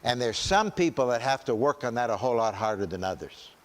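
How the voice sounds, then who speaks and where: A man's voice: mid-range voice, lively intonation, fairly quick. A man giving a conversational church seminar talk at a camp meeting, often checking in with "right?" and restarting his sentences. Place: large meeting hall. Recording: long hall reverb.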